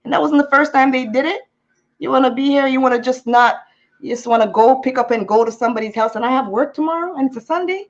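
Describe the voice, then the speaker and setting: A woman tells a personal story, venting in animated bursts and sometimes slipping into patois. Her voice sits fairly high, and the recording sounds muffled and lo-fi. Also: fast. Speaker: YouTuber. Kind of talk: candid storytime vlog.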